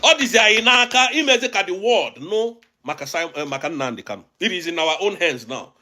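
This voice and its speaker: A man with a Nigerian accent delivers heated political commentary for his online show. His voice sits high and swings widely in pitch. He talks emphatically, repeating phrases as he presses his points. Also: lively intonation, a little fast, bright, forceful tone. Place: abroad, recording a video.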